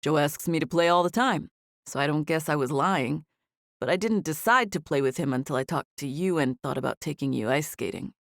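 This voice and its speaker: A woman voicing an easygoing, quietly confident young male star in an audiobook. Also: low-pitched, fairly quick, gravelly, dry recording, studio quality. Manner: relaxed, quietly assured.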